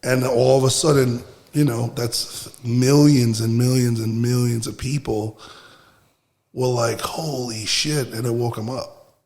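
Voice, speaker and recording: A man's voice: medium pitch, fairly even intonation, measured pace, darkish tone. A man from Brooklyn, a podcast guest telling stories emphatically, with frequent restarts and profanity. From Brooklyn, USA. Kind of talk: casual podcast conversation. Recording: roomy with long reverb.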